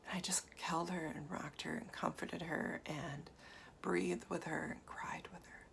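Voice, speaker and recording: A woman in her forties speaks as a meditation teacher in a casual, confiding talk, her low voice unhurried and fairly even in intonation, with vocal fry. She is soft and confiding, often dropping to a half-whisper, with frequent fillers and laughs.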